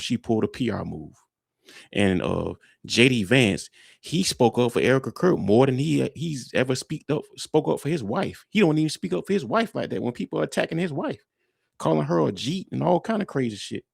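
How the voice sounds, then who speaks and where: Gravelly man, blunt and indignant. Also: medium pitch, lively intonation, normal speed, no echo, studio quality. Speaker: reaction host. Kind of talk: reaction commentary.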